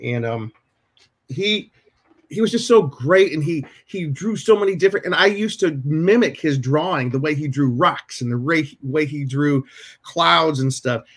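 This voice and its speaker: A man with a fairly high, husky voice hosts a podcast over a video call, speaking at normal speed in an animated way. The chat is casual, and he tells rambling stories with many restarts and self-interruptions. He is in a home room with shelves.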